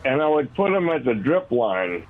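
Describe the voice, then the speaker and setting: A man's voice: medium pitch, very animated, moderate pace, slight background noise. A man calling in to a radio show, rambling unhurriedly and correcting himself, heard over a phone line. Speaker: caller. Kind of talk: call-in radio chat.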